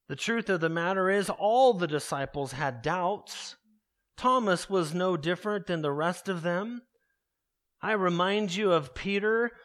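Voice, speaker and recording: Guy with a high voice preaching earnestly, keeps saying beloved. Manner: earnest expository preaching, addresses listeners as beloved. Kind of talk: sermon.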